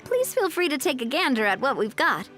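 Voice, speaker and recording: A woman's voice: sits high, big pitch swings, fairly quick, a bit bright, faint music behind. A woman voicing a cheerful, friendly young female recruiter for a film crew, in video game voice acting. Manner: friendly, upbeat.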